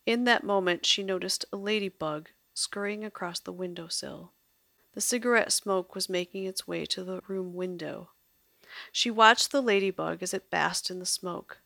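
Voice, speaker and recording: A woman narrating an audio drama in a measured storytelling way. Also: lowish voice, gravelly, pushed and bright, no echo.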